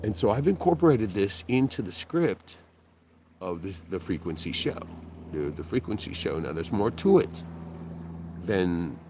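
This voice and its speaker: A man's voice: measured pace, noisy background. A man hosting a live stream, telling a story in casual talk, swearing and laughing often as he quotes other people. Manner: animated, jumps in pitch when quoting and laughing. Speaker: livestream host.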